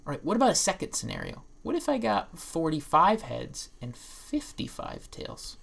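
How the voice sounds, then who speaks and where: A woman professor giving a recorded statistics lecture, playful and lively, acting out what imagined students would say, with frequent restarts and asides. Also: low voice, normal speed, gravelly, breathy edge.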